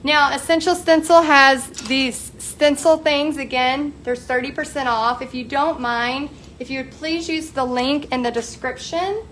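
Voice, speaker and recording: A woman's voice: high-pitched, steady tone, a little slow, hardly any pauses, fairly bright tone. A woman hosting a live painting tutorial, upbeat and chatty, talking to her viewers as she works. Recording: echoey room, faint background noise.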